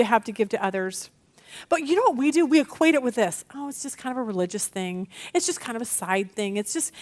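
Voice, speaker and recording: A middle-aged woman teaching a women's Bible study, chatty and animated, telling stories against herself. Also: high voice. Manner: animated, chatty, self-deprecating storytelling.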